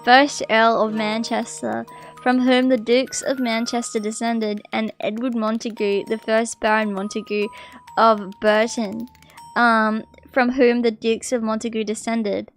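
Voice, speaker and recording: A woman streamer reading an article aloud, breaking off to chat and react with loud, excitable outbursts. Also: a little high, a little slow, soft background music. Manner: excitable, bursts into loud apologies and exclamations.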